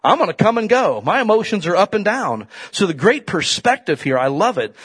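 A middle-aged male pastor preaching a folksy sermon, dropping to quiet asides and rising to loud, emphatic peaks. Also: high-pitched, sing-song, fairly quick, slightly rough.

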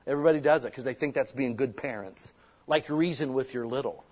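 A middle-aged pastor preaching a sermon in an impassioned, conversational way, full of rhetorical questions. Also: male voice, mid-range voice, brisk.

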